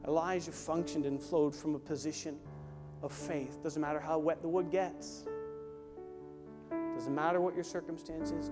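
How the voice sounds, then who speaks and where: A man delivers a sermon, moving between quiet, close lines and loud, urgent ones. His voice sits high for a man. It rings out in a reverberant church hall with faint instruments playing underneath. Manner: preaching with sharp swings from hushed to loud. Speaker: pastor. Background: worship team instruments.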